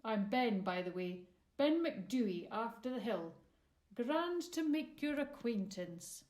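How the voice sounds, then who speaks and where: A woman voicing a gentle, kindly male mountain giant with a Scottish accent, talking in a warm, reassuring way. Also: a little high, animated, takes it slowly. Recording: roomy echo.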